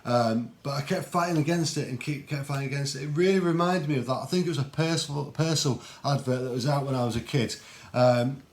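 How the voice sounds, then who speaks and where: A man with a mid-range voice talks earnestly in a casual devotional style. He speaks in a reflective, personal way, often pausing with ums and restarting his sentences. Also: medium pitch. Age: adult. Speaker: Christian video host.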